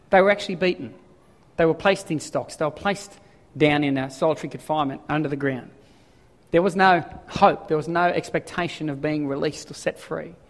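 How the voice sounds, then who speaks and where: A man preaching a sermon in an animated way, firing off rhetorical questions and building to loud emphasis. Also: high-pitched. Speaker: pastor. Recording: long hall reverb.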